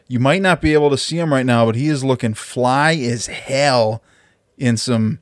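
A man's voice: mid-range voice, normal speed, no room sound, studio quality. A man co-hosting a podcast, joking and teasing his friends in casual banter. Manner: joking, teasing, laughs often. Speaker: podcast co-host.

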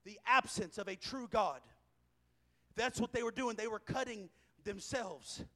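A man preaching a sermon, telling a scripture story with animated delivery, chuckling and raising his voice for emphasis. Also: high-pitched, measured pace. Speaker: pastor.

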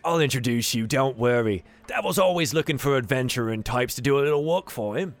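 A hearty, burly woman in a tabletop game, as a man plays her. She is friendly and obliging, and her voice moves up and down in a lively way. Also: mid-range voice, fairly quick, soft background music, lightly acted. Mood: reassuring. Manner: hearty, eager to help. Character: big burly friendly woman tavern regular.

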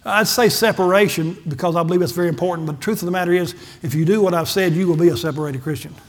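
High-voiced pastor telling stories. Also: male voice, very fast. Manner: folksy storytelling, acts out dialogue, gets emotional. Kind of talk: sermon testimony.

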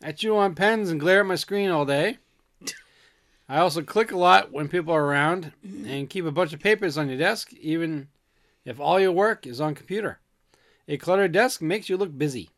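A woman co-hosting a casual chat, low-key and wry, dropping quick jokes. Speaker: podcast co-host.

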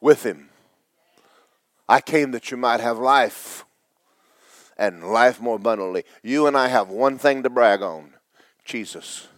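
Slow, dry-sounding preaching pastor. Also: male voice, medium pitch, no echo. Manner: swings from tearful whispers to loud preaching. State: tearful. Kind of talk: sermon.

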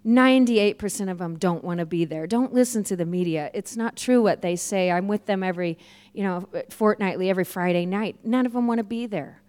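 A woman preaching a sermon, telling personal stories in a lively way and laughing often. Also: medium pitch, fairly quick, hardly any pauses. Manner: lively storytelling, laughs often, acts out quoted voices. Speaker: guest preacher.

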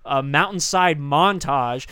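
A man's voice: a little high, slow pace, pushed and bright, clear, resonant tone, no echo, clean studio sound. A man co-hosting a podcast, ranting heatedly in casual chat and swearing often. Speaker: podcast co-host.

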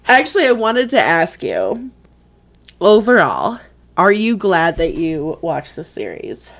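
A woman's voice: on the low side, very animated, slow pace. A young woman co-hosting a casual podcast chat, emotional and crying, laughing through her tears. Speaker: podcast co-host.

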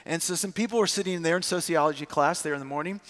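A man preaching a sermon, telling a campus story with lively acted-out quotes before turning to scripture. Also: fairly high pitch, fast. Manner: animated storyteller acting out quotes. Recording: long hall reverb.

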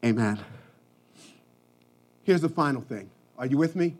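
A male pastor preaching an impassioned sermon, moving between shouted cries and hushed, quiet passages. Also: mid-range voice, animated, a little slow, long pauses.

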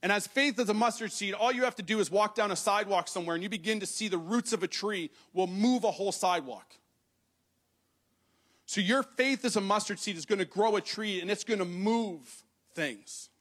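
High-voiced preacher addressing a congregation. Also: male voice, brisk, a bit bright. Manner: reads scripture aloud then explains it conversationally. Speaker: pastor. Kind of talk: sermon. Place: church hall with congregation.

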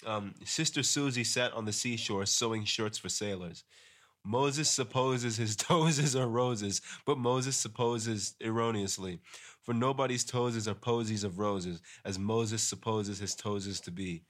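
A man's voice: on the low side, a little slow, fairly bright tone. A man from New York co-hosting a casual podcast, playfully stumbling and laughing through tongue twisters. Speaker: podcast co-host.

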